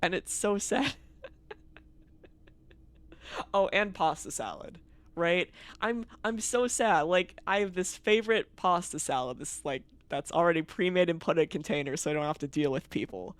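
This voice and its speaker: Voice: mid-range voice, lively intonation, moderate pace, a bit bright, dry recording. A streamer chatting casually on a live stream, ranting with frequent laughter and free swearing. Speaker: game streamer. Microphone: streaming mic.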